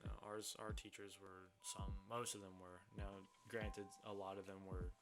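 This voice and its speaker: A young man co-hosting a podcast, chatting easily and asking quick follow-up questions. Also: lowish voice, flat delivery, background noise. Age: young adult. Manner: easygoing, asks short follow-up questions. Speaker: podcast co-host. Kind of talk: casual chat.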